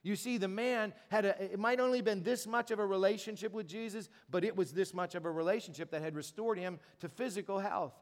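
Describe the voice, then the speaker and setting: A man with a high voice preaches a sermon to his congregation. He talks in a conversational way and acts out the voices of people in his story. His words ring with the long reverb of a church hall. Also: fairly quick, hardly any pauses. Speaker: pastor. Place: church sanctuary.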